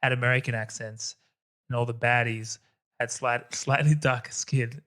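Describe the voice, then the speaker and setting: A man guesting on a podcast, chatting casually about films in an animated, opinionated way and laughing often. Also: mid-range voice, normal speed. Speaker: podcast guest, co-host of another podcast. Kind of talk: casual film chat.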